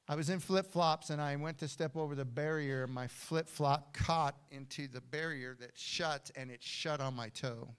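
An older man preaching a sermon as pastor in a church, swinging from hushed storytelling to loud declarations. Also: fairly high pitch, moderate pace, hardly any pauses, clear, resonant tone. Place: church hall.

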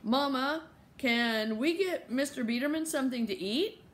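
A woman reading as an earnest gentle girl. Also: high-pitched, measured pace, pitched above the performer's own voice.

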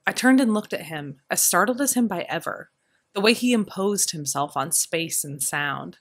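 A woman with a lowish voice reads a historical romance novel aloud. Her narration is measured and steady, easing softer in the tender passages. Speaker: audiobook narrator. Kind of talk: scripted narration.

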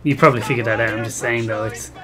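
A man's voice: medium pitch, steady tone, fast talker. A man giving casual, self-mocking commentary while playing a video game. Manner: chatty, self-mocking, laughs at himself. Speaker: gameplay commentator. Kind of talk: casual let's-play commentary. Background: game music.

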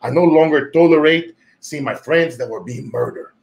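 Animated Brazilian-accented man telling stories. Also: on the high side, moderate pace, vocal fry. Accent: Brazilian Portuguese. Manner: animated, laughing often, emphatic. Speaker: show host. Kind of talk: motivational storytelling.

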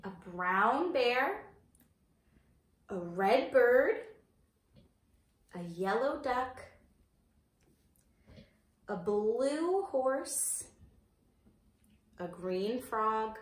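Slow sing-song preschool teacher, roomy echo. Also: female voice, on the high side, big pitch swings. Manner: slow, sing-song storytime delivery with questions to the children. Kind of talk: reading a picture book aloud to young children.

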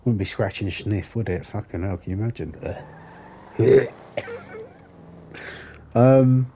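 A man with a fairly low pitch and a dark tone speaks slowly over a little hiss or hum while livestreaming gameplay. His casual chat with viewers is rambling and jokey, with frequent swearing and laughter at his own jokes.

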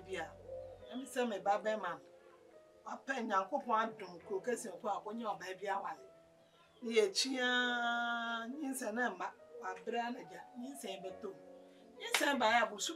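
A woman plays a distressed wife with a Ghanaian accent, pleading in a fairly high voice. She sounds set back from the mic, with loud music laid over the scene. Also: far from the mic, lightly acted, rough recording. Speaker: actress in a film drama. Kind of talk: film drama acting.

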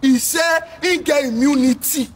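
Shouting in a very high voice, a male social commentator from Edo State, Nigeria, scolds in a sing-song Nigerian Pidgin English rant. His pace is a little slow, and the recording comes from a distant mic with faint noise.

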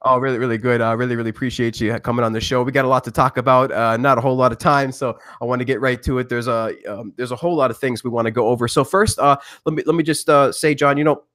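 A man's voice: mid-range voice, steady tone, fast, few pauses, a bit bright, dry recording, clean studio sound. A man hosting a podcast interview, talking in a rambling, upbeat way with lots of fillers. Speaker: podcast host. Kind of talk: casual show intro and interview.

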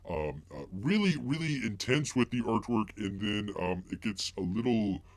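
A man's voice: fairly low pitch, animated, normal speed, no echo. A man hosting a live stream and reviewing comics, rambling with many fillers and speaking of himself in the third person. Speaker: livestream host reviewing comics. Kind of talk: casual live-stream chat.

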